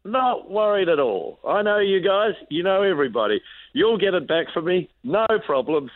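Brief: man doing easygoing rocker, high and airy, thin phone audio. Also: lively intonation, moderate pace. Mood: carefree. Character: carefree male rock singer, trusting and easygoing. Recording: tinny phone line.

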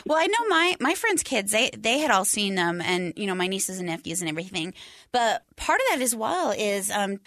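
Animated woman laughing often. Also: mid-range voice, moderate pace. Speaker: podcast panelist. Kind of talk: casual chat.

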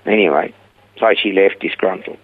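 Older man on a husky phone line. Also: low voice, normal speed. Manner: animated retelling with voiced quotes. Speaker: guest, rehab centre founder. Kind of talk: storytelling interview. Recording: tinny phone-line sound.

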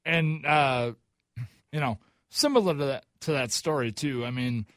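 A man's voice: medium pitch, measured pace, fairly bright tone, dry recording, clean studio sound. Easygoing radio co-host man. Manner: easygoing, chatty, agreeing. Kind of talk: casual talk radio chat. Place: radio studio.

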